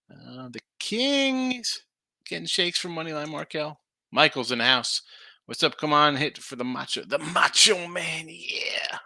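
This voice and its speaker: A man's voice: medium pitch, pushed and bright, dry recording. A middle-aged man hosting a live sports betting stream, rambling casually and reading viewer comments aloud. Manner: rambling, chatty, reads viewer chat aloud. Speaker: sports betting show host.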